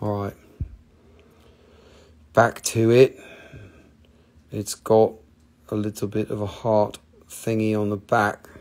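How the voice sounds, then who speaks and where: A man's voice: on the low side, monotone, slow pace, pauses often, darkish tone. Joking man in his forties hawking stones. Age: 40s. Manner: playful, rambling, jokey, swears casually. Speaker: host of a live gemstone sales stream. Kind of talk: casual live-stream sales chat.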